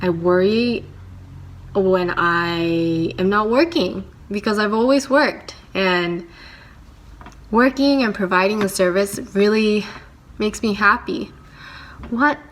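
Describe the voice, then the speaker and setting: A young woman vlogging to camera about her work as a handywoman, talking in a reflective, halting way with many fillers. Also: mid-range voice. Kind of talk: casual talking-to-camera vlog.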